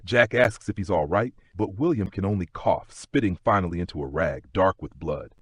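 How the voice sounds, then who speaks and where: Deep husky male sleep-story narrator. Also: dry recording, clean studio sound. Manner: slow, gentle, second-person telling.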